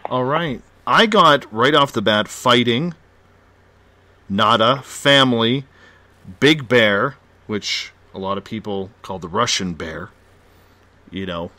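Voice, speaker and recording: A male radio host running a live call-in show, haltingly reading listener reports one after another. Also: medium pitch, lively intonation, pushed and bright.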